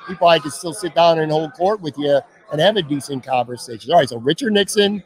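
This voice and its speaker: A man's voice: a little high, fast. A man hosting a podcast, chatting casually and jokingly with a guest at a pizza restaurant. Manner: joking, animated, swears freely. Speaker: podcast host. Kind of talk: casual chat.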